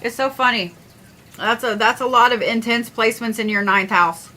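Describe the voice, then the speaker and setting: A woman chatting casually on a livestream, grumbling and swearing, her voice swinging from loud to mumbled asides. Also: on the high side, normal speed, slight background noise, poor audio. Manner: grumbling, profane, drifts between loud and mumbled. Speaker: astrology streamer.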